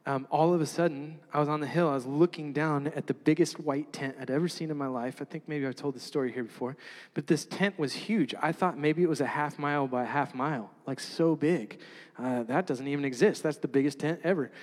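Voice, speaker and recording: A man with a fairly high voice tells a sermon story, bouncing between jokes and earnest reflection. His voice rings out with a long reverb from a large hall. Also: a little fast. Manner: animated, laughing, self-mocking asides. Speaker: preacher.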